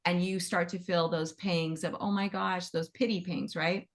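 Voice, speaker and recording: A woman teaching animal Reiki in a gentle, conversational way, wandering into asides as she talks. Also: fairly low pitch, flat delivery, normal speed. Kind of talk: casual teaching talk.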